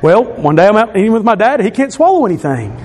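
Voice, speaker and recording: A man with a notably high voice gives a personal testimony, earnest and heartfelt. He leans on repeated words to drive his points home, with a faint hum of ambience behind him. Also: sing-song, fast, darkish tone. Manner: earnest, repeats phrases for emphasis. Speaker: speaker giving a testimony.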